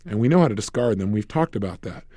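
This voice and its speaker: A man giving a recorded self-help lecture, energetic and acting out little dialogues. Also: on the low side, quick pace, dry recording, clean studio sound. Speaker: motivational speaker.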